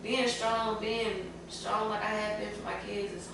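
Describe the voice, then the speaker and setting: Woman guest, emotional and candid, sitting back from the mic in a roomy space with steady background noise. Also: medium pitch, measured pace. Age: adult parent. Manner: candid, tearful at times, colloquial. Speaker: podcast panel guest. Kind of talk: emotional casual panel talk. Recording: echoey room, far from the mic, clear room noise.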